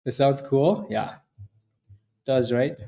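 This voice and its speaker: A man's voice: medium pitch, warm tone. A man hosting a live stock trading stream, chatting loosely and answering viewers by name, often restarting his sentences. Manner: rambling with many restarts. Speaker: stock trading livestream host. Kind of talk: live-stream market commentary.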